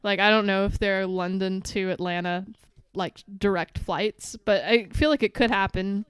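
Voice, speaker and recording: A woman's voice: mid-range voice, fairly even intonation, normal speed, clear, resonant tone, dry recording. Laughing, swearing young woman co-host. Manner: loose, swears often, laughs a lot. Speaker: podcast co-host. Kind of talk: casual movie recap chat.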